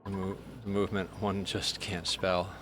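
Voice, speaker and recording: A man's voice: low voice, flat delivery, normal speed, fairly bright tone, faint music behind. A man streaming a game live, frustrated, swearing and repeating himself as he talks to his viewers. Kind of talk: live gameplay stream talk.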